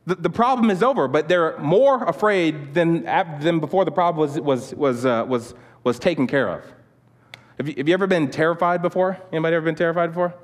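A man preaching a sermon, telling a personal story with animated restarts and asides, then praying in a quieter tone. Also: fairly quick. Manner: animated storytelling, many restarts, repeats "okay?"; turns soft and low in prayer. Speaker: youth pastor. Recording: long hall reverb.

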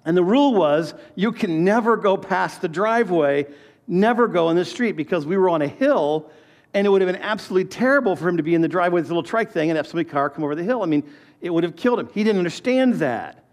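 A man's voice: high-pitched, expressive, very fast, darkish tone. A man in his fifties preaching a sermon, talking to the congregation in a conversational way with personal stories and frequent questions. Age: 50s. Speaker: pastor.

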